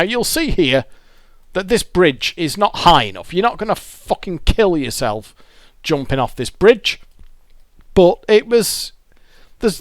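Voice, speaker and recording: A man with a fairly high voice tells his own raw, confessional story to camera outdoors beside a road. He swears often and trips over repeated words, and the recording sounds dry and clean, like a studio.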